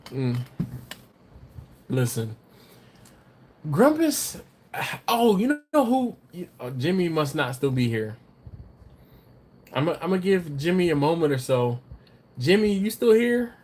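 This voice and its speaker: A man's voice: a little high, lively intonation, unhurried, long pauses, darkish tone. A man hosting a casual livestream, rambling and teasing while reading out viewer comments, a little tipsy from drinking. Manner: rambling, laughs often, teasing. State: has been drinking. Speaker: livestream host. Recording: faint background noise.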